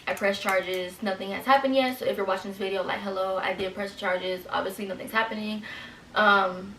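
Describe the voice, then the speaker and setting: A woman's voice: medium pitch, fairly even intonation, a little fast, a bit bright, recorded from a distance, slight background noise. A woman in her twenties telling a personal story at home, rambling with lots of "like" and "you know", close to tears. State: teary, holding back tears. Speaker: vlogger. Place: home room. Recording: roomy echo, speaking a bit off-mic.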